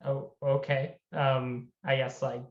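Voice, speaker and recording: A player in a tabletop game, answering in a wry, deadpan way. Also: mid-range voice, slow pace, reverberant, dull audio. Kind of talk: casual role-play.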